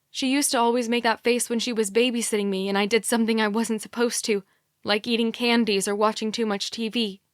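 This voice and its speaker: A woman narrates a thriller in the first person, tense and earnest, with a fairly high voice. The recording is dry and close, made on a studio mic. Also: dry recording. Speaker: audiobook narrator.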